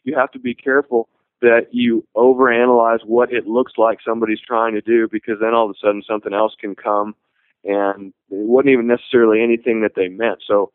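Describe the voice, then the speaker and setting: A man's voice: mid-range voice, brisk, no echo. Man on tinny radio audio. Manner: storytelling, relaxed and conversational. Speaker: tennis coach. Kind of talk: radio talk show discussion.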